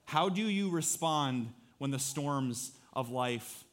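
A pastor in his thirties preaching a conversational, animated sermon, acting out little quotes from his family and listeners. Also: medium pitch, takes it slowly.

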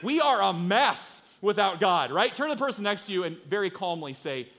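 Male pastor, fairly high voice, earnest conversational sermon delivery with lots of rhetorical questions. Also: expressive, fairly quick, hardly any pauses, a bit bright, slight background noise. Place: church sanctuary.

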